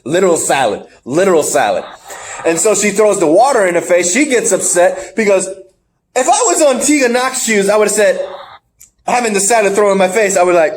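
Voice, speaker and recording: Give me a male podcast host with a high, swooping voice who laughs through his recaps. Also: normal speed. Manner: animated, laughs often, acts out quotes. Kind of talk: casual wrestling review chat.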